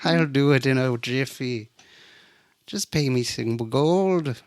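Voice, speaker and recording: A man's voice: medium pitch, slow pace, no room sound, studio quality. A man putting on a playful mock-Irish voice as a cheery male film star. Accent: put-on Irish.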